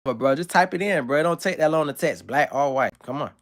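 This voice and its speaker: A man's voice: fairly high pitch, expressive, fast talker. A man streaming live, delivering a provocative, profane and emphatic monologue to his chat.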